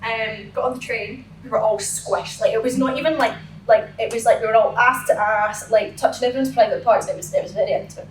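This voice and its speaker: A woman's voice: a little high, fairly even intonation, a little fast, few pauses, roomy sound, distant mic, a little hiss or hum, low-quality recording. A young woman co-hosting a podcast, telling a story in a chatty, rambling way full of fillers. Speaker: podcast co-host. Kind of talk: casual storytelling chat.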